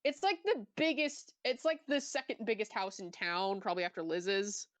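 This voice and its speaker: A woman taking part as a player in a tabletop game, describing things haltingly with many fillers. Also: medium pitch, no room sound. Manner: halting, lots of "uh" and "like". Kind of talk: describing her character's home in a tabletop game.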